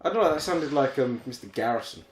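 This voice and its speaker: A man's voice: medium pitch, animated, fast. Dry-quipping man co-hosting a game. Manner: dry, sparse quips and swearing. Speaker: let's play co-host. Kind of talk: casual gameplay chat. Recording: roomy home recording with game music.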